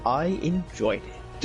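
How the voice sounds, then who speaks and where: A man's voice: sits high, gravelly. A man co-hosting a gaming stream, chatting hesitantly, often trailing off and laughing. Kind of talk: casual chat while playing a game.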